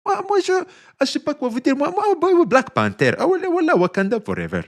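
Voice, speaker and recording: A man putting on an exaggerated, boastful comic character with a French-speaking accent, excited and sing-song. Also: very high voice, quick pace, voice pushed up, heavily acted. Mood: hammy.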